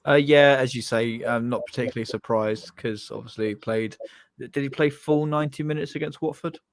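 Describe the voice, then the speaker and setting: A man's voice: mid-range voice, brisk, no room sound. A man co-hosting a casual fan podcast, blunt and hesitant, with lots of ums. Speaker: podcast co-host.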